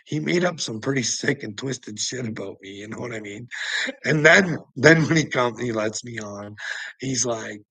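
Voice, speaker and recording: A man with a gravelly, fry-heavy voice and a tense, sharp edge rants to his viewers. He laughs constantly through his sentences, swears freely and mocks people by name. The sound is dry and close. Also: medium pitch, moderate pace, no echo, low-quality recording. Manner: laughs constantly while talking, profane and mocking. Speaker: channel host. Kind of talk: rambling livestream rant.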